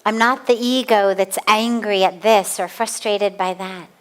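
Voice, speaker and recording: A woman spiritual teacher giving a calm, deliberate spiritual discourse in an outdoor garden. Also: medium pitch.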